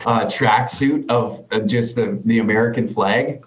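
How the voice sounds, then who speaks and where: A man's voice: lowish voice, unhurried, slight background noise. Laid-back Canadian man, echoey room. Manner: swearing, laid-back storytelling. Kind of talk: casual podcast chat. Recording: echoey room, slightly dull sound.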